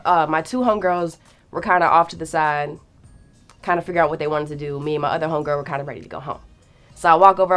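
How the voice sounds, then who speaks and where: A young woman telling a story in a casual, animated way, acting out the quotes and swearing freely. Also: lowish voice, clean tone.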